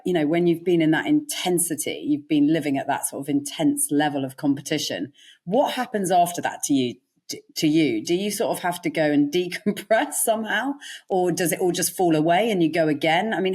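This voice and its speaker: A woman's voice: low-pitched, brisk, a little mellow, breathy edge. A woman interviewing a guest, asking long, chatty, rambling questions that restart midway. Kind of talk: conversational interview.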